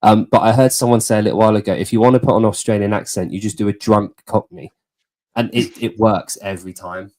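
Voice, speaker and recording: English male podcast host, lowish voice, loose chatty delivery with easy laughs. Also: steady tone, fast, a little mellow. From southeast England. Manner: chatty, laughs easily, swears casually. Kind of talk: casual chat.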